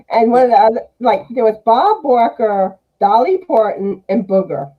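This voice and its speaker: Slow-talking woman, muffled audio. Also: on the high side, animated. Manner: slow and easygoing, laughs often. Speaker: guest on a live chat. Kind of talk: casual chat.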